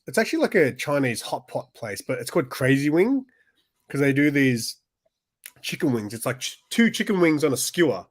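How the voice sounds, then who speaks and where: A young man co-hosting a casual podcast chat, telling rambling stories full of restarts and fillers. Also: medium pitch. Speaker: podcast co-host.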